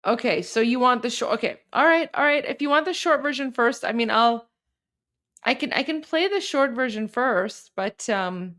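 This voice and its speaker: A woman's voice: fairly high pitch, expressive, normal speed, a bit bright. A woman hosting a livestream, chatting casually and rambling a little as she answers her viewers' chat. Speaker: livestream host.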